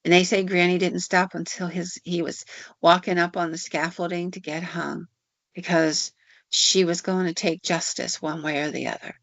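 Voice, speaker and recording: Gravelly-voiced woman telling folk tales. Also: on the low side, little pitch movement, normal speed, a bit bright, dry recording. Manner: folksy, conversational. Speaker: podcast host. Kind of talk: folklore storytelling. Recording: dull lo-fi audio.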